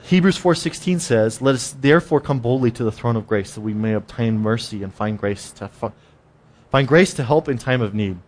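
A man's voice: mid-range voice, animated, normal speed, a little hiss or hum. A man giving a casual, conversational sermon, often repeating words and acting out inner voices. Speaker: preacher.

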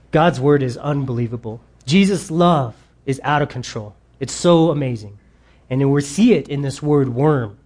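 A man's voice: a little high, darkish tone. A man preaching a sermon with enthusiasm, reading quotes aloud and exclaiming over them. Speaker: pastor.

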